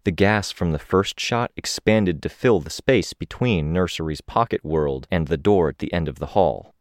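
A man narrating a first-person story in a steady, descriptive reading. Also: low voice, moderate pace, dry recording, clean studio sound. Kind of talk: audiobook narration.

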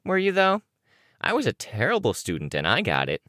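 A man's voice: mid-range voice, huge pitch swings, a little fast, sharp tone, dry recording, studio quality, voice pushed up. An audiobook reader voicing a sardonic young woman who answers with snarky retorts.

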